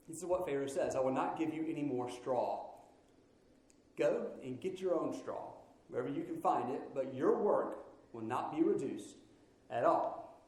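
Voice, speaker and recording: A man's voice: a little high, a little mellow. A man preaching a sermon in a church, conversational and playful, with frequent asides to the congregation. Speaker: pastor. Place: church sanctuary. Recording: very echoey church hall.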